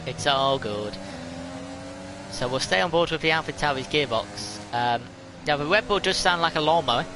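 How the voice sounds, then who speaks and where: A man's voice: a little high, animated, moderate pace, music in the background. A man giving live, chatty commentary on a sim race, rambling and laughing at himself.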